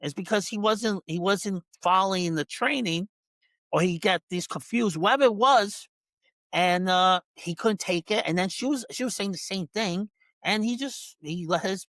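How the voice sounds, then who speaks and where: The man, a dog trainer guesting on a podcast, has a high-pitched, slightly bright voice at normal speed, with no echo. Telling his story casually, he voices other people's lines and frequently restarts or repeats words.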